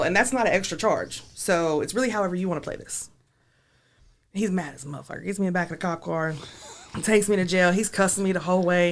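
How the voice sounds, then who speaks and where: Woman, rapid delivery, profane, blunt, storytelling guest. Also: on the low side, a bit bright. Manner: blunt, profane, laughing through her story. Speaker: podcast guest. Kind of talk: casual storytelling.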